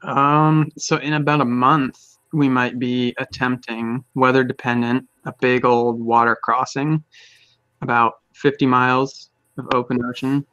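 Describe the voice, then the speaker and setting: An understated man speaks in a mid-pitched voice, relaxed and dryly funny. His voice comes over dull, dry remote-call audio. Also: unhurried, smooth, no room sound. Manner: laid-back, understated, dry humor. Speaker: guest, paramotor pilot. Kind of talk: casual chat on a remote call.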